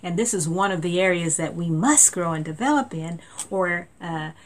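Woman preacher, low-ish voice, earnest sermon delivery. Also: moderate pace. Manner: earnest, repeats words, rising emphasis; reads scripture aloud.

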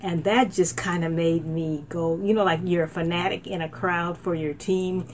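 A middle-aged woman minister preaching a sermon with fervent, animated delivery, often saying amen, recorded on a laptop. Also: lowish voice, normal speed, slight background noise. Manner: fervent, animated, frequent amens. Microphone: laptop mic.

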